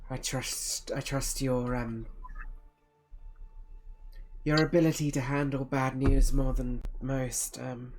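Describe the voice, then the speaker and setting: A man voicing a gentle aging halfling storyteller devoted to his goddess, speaking in a soft, halting, formal way during a tabletop role-play. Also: mid-range voice, flat delivery, slight background noise. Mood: anxious.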